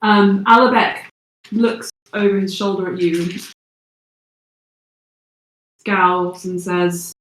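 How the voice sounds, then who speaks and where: A woman's voice: medium pitch, steady tone, slow, long pauses. Give me a woman game master who narrates hesitantly, recorded in a roomy space. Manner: hesitant with frequent fillers. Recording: echoey room.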